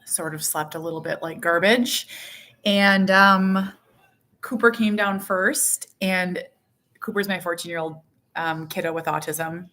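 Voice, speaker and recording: Chatty woman with a lowish voice. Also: measured pace, sharp tone. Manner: chatty and rambling, with many fillers, self-deprecating asides and acted quotes. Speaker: vlogger and mother. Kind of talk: casual personal vlog chat.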